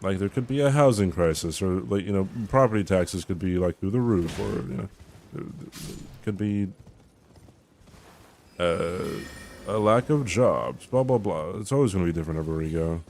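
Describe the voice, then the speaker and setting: A man with a lowish voice talks loosely to his stream chat from a home setup. He rambles, swears freely and laughs as he reacts to viewers' messages. A faint hum sits behind him. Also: expressive, normal speed, a little mellow. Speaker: game streamer. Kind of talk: casual chat with viewers while gaming.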